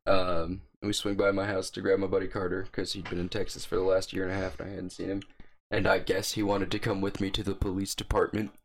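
A young man casually telling a long, profane story with a wry, deadpan edge, co-hosting a podcast. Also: sits low, quick pace, gravelly, hardly any pauses, slight background noise. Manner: profane, wry, deadpan delivery of quoted lines. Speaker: podcast co-host.

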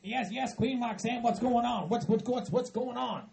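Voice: mid-range voice, moderate pace, vocal fry, darkish tone, natural voice. A performer voicing an eager, dim hillbilly man who drawls and stammers in a comedy skit. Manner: drawling, stammering, says "by God".

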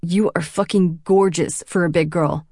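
Brief: woman playing a tipsy teen party boy, crude, slangy, rambling, lower than her own voice, dry read. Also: steady tone, moderate pace, warm tone, slightly rough, no room sound.

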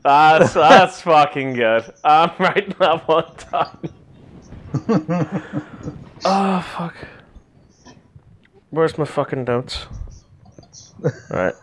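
A man's voice: fairly high pitch, extremely slow, pauses often. A man cohosting a podcast, telling crude stories and jokes with lots of swearing and laughter. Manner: profane, giggly, animated storytelling. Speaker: podcast co-host. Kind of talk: crude comedy banter.

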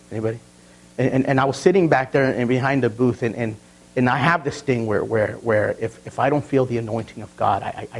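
A man preaching a sermon, stumbling over and repeating words as he tells stories, and reading scripture slowly with emphasis. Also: medium pitch, husky, low-quality recording. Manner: repeats words and restarts often, storytelling.

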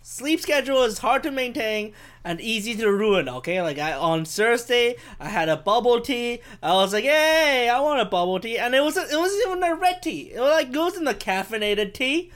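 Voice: medium pitch, lively intonation, normal speed, a bit bright. Solo podcast rant, rambling, profane, self-mocking, mic held too far away. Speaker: podcast host. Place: home in Vancouver. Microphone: handheld microphone held too far from the face.

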